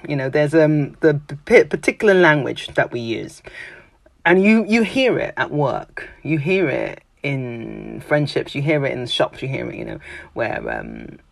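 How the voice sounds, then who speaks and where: Lively gravelly-voiced Londoner. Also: medium pitch, no room sound. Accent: London English. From London, England. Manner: emphatic, expressive, mimics phrases. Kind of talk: casual monologue.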